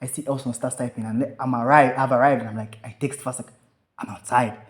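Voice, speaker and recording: A man telling a rambling, animated story on a podcast, swearing freely and acting out the lines of the people in it. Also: medium pitch, fast. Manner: animated, swearing, acts out quoted dialogue. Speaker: podcast co-host. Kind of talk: casual storytelling chat.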